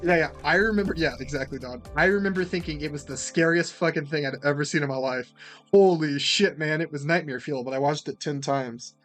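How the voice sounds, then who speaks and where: A young man tells a story on a casual podcast, slightly high in pitch, with soft music playing underneath. He is animated, swears freely and acts out the lines of the people in his story. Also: a little fast. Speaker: podcast host.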